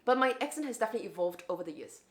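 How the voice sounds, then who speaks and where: A woman's voice: mid-range voice, lively intonation, racing. A young adult woman vlogging to camera in a casual, reflective way, often restarting and repeating words.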